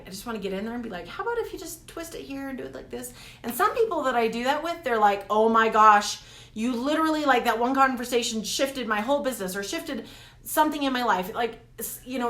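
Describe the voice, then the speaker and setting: A woman talking straight to her viewers in a casual motivational vlog, animated and laughing often. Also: fairly high pitch. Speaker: coach vlogger. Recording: echoey room.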